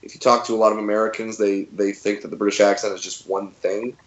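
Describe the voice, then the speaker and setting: A man's voice: lowish voice, fast. Man in his thirties, echoey dull audio. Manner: relaxed storyteller with frequent fillers and restarts. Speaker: guest comedian. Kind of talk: casual interview chat.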